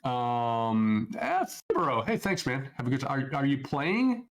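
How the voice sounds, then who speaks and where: A man's voice: medium pitch, very animated, a little slow, poor audio. A middle-aged man from Minnesota hosting a casual live Q&A, answering viewer questions off the cuff in a loose, chatty way. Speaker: trading educator hosting a Q&A.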